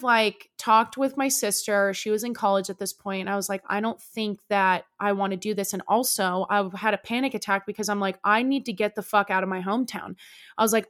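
A woman's voice: mid-range voice, a bit bright. A young woman in her twenties hosting a podcast, candidly telling a personal story in an emotional, unfiltered way and swearing freely. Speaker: podcast host.

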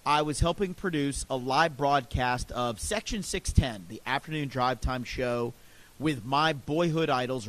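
A man's voice: medium pitch, fairly bright tone, low-quality recording. A middle-aged man, a podcast host, telling a personal story in an earnest, reflective and enthusiastic way.

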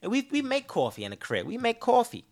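A man with an extremely high, gravelly voice hosts a podcast, ranting quickly in a casual monologue. He swears as he tells animated stories, pettily and exasperatedly complaining.

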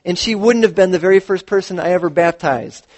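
Male pastor, high-pitched, lively sermon storyteller acting out quotes. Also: brisk. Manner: animated storytelling with acted quotes. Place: church.

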